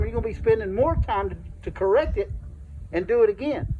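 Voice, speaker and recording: High-voiced man telling family stories. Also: lively intonation, brisk, phone-quality sound, a little hiss or hum. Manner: anecdotal, acts out dialogue in quotes. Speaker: son giving a eulogy. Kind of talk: storytelling eulogy. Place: memorial service.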